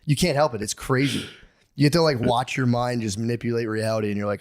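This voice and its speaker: A man's voice: medium pitch, steady tone, fast. A man co-hosting a comedy podcast, casual and rambling, swearing often and acting out his own quotes. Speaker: podcast co-host; comedian and dad. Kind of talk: casual chat.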